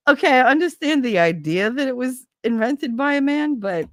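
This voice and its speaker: A woman's voice: sits high, animated, moderate pace, few pauses, a bit bright. Blunt, swearing woman hosting a livestream. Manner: blunt, swears freely, laughs often. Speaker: livestream host. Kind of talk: casual chat with live viewers.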